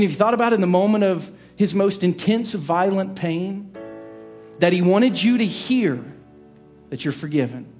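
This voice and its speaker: Earnest pastor, man, slightly high voice. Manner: earnest, drops to a hushed, soft voice at tender moments. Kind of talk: sermon with personal story.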